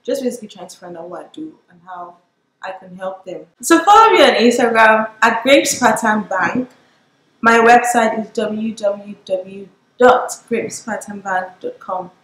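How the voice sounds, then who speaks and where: A young woman, a business owner telling her story to camera in a lively way and acting out what others said. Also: medium pitch, a little slow, echoey room, poor audio. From Nigeria. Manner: lively storyteller who acts out what people said. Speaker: business owner and surface pattern designer.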